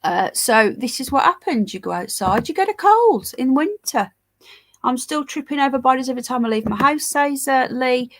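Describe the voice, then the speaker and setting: A woman talks through a livestream in a fairly high, nasal, congested voice, clearly stuffed up with a cold. She reads headlines and viewer comments in a casual, mocking way, dropping sarcastic asides to her audience. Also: expressive, normal speed. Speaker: livestream news host. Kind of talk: casual livestream chat, reading headlines and live chat.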